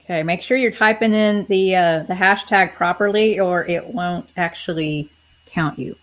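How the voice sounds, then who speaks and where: A woman with a slightly low voice hosts a casual live stream, talking straight to her viewers in a chatty, running commentary. She spells things out carefully and keeps everyone in the loop, all through a computer mic. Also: normal speed, a bit bright. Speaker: livestream host running a giveaway.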